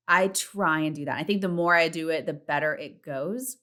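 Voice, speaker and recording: A woman in her thirties hosting a casual solo podcast from home, chatty and candid, swearing freely and acting out her self-talk in a high voice. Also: lively intonation, a little fast, few pauses, a bit bright. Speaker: podcast host. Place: home, partner in the next room.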